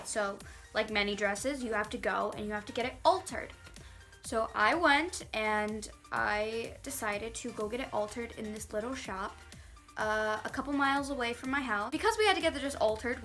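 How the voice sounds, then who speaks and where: Young woman vlogger, bright forceful voice, lively storytime delivery over soft music. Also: fairly high pitch. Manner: animated storytelling, quoting others in acted voices. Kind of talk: storytime vlog. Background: faint background music.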